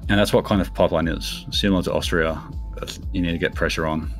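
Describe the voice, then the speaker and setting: A very low-voiced man calls an online shooter match as a stream commentator, mixing teasing banter with sudden excited calls. Faint music plays under his headset voice. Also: quick pace. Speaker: esports commentator. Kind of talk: casual esports commentary.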